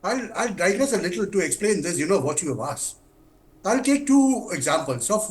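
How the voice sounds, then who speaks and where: An Indian man makes an argument on a television news panel. His voice is high for a man and very lively, rising and falling as he drives home his points in Indian English. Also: normal speed. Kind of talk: TV news debate.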